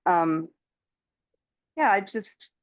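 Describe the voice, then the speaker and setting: Lively, low-voiced woman client on a slightly dull call line. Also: extremely slow, dry recording. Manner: chatty, animated, laughs easily. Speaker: coaching client. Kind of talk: casual conversation.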